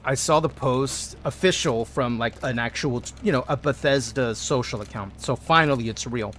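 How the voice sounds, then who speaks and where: Through a desk microphone with a little hiss or hum, a man's medium-pitched voice chats at a moderate pace while he plays a video game on stream. He banters with viewers, greets them and reads chat messages, humming to himself and yelling when excited.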